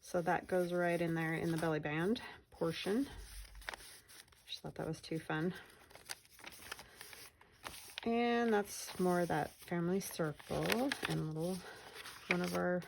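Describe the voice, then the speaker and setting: Low, gravelly-voiced woman chatting casually. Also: measured pace, slight background noise, poor audio. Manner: chatty, meandering, trails off mid-sentence. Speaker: craft vlogger. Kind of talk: casual journal flip-through narration.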